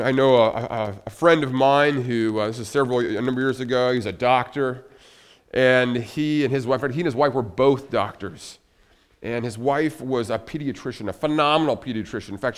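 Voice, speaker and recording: A man giving a church sermon in a conversational storytelling way, often restarting his sentences and dropping to a soft, low voice at heavy moments. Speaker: pastor. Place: church sanctuary.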